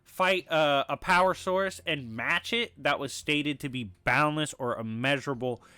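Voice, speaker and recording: A man narrating a scripted argument in a brisk, matter-of-fact way, his voice a little raspy today, with filler ums. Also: fairly high pitch, bright, forceful tone, no echo. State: slightly raspy voice. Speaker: video essay narrator.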